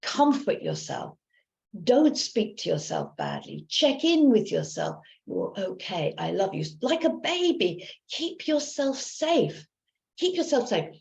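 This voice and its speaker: A woman's voice: sits high, wildly swooping pitch, slow, vocal fry, a little mellow, lo-fi sound. A woman working as a recovery coach, speaking earnestly in a live coaching session and looping back over her points.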